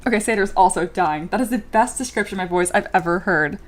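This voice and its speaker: With a mid-range voice and quick pace, a young adult woman chats and giggles through a sculpting livestream, reading her viewers' comments aloud and using plenty of fillers.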